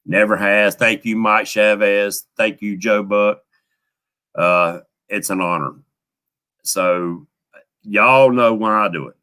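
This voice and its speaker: A man's voice: fairly low pitch, fairly even intonation, takes it slowly, sharp tone, smooth. A middle-aged man, hosting a live fishing stream and talking in a folksy, heartfelt way while thanking viewers by name. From United States. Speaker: fishing channel host. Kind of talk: casual live stream chat.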